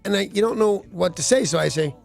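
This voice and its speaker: Man, morning radio co-host, gravelly, sardonic quips, faint music bed. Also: high voice, expressive, fast talker. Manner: wisecracking, sardonic asides. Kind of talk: casual radio banter.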